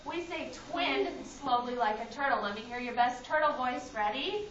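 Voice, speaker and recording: A woman's voice: sits high, lively intonation, normal speed, noisy background. A woman teaching a phonics lesson to young children, calling on students by name and giving firm directions in a sing-song way. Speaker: kindergarten teacher. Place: classroom with children on a rug. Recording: roomy, distant, dull classroom camera recording. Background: children's voices.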